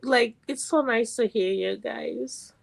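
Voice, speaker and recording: A middle-aged woman from California calling in to chat, animated and quick to laugh, with many restarts. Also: fairly high pitch, vocal fry, poor audio. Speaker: caller. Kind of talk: casual call-in chat.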